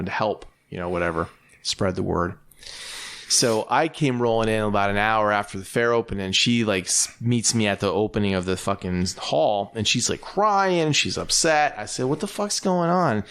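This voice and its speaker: A man with a lowish voice co-hosts a comedy podcast and tells stories loosely, swearing constantly as he goes. Laughter keeps breaking into his talk. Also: fairly bright tone, smooth. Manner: profane storytelling, swears constantly, laughs often. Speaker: podcast co-host. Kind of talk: casual comedic podcast chat.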